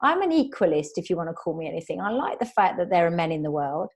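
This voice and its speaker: A woman's voice: fairly low pitch, sing-song, fast talker, darkish tone, breathy edge. Woman podcast host, frank, opinionated, conversational. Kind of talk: casual chat.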